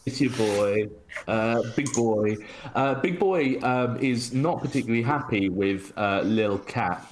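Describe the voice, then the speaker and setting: A man's voice: mid-range voice, a little slow, a little hiss or hum, rough recording. A man playing a tabletop game, talking hesitantly with many fillers as he describes his turn. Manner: hesitant, full of uhs and ums. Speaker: player.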